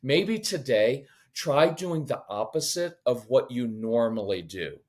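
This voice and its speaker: A man on a parenting podcast, talking in a lively, conversational teaching way, acting out quoted voices and joking now and then. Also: medium pitch, measured pace. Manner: animated, acts out quoted voices, jokes.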